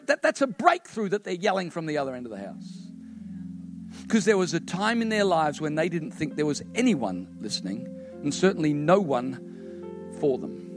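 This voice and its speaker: Aussie pastor guy telling stories in a sermon, voice a bit high, goes soft and hushed near the end. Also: animated, moderate pace, no echo, faint music behind. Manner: conversational storytelling, softening to a hushed close.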